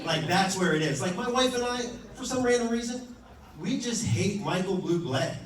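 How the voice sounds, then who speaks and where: A man's voice: high voice, lively intonation, normal speed, heavy background noise. A man in his thirties performing a stand-up set, telling profane, exasperated stories about his family and acting out what they say. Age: 30s. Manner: profane, exasperated storytelling with acted-out quotes. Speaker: stand-up comedian. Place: comedy club stage with a laughing audience. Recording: echoey room, mic heard from a distance, crowd laughter.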